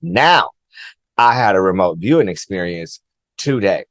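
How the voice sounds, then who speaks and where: A low-voiced man tells a personal story to his viewers in an earnest, halting way. He circles back, restarts and repeats phrases, filling gaps with likes. The sound is close and dry. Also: animated, a bit bright, no echo. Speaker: vlogger.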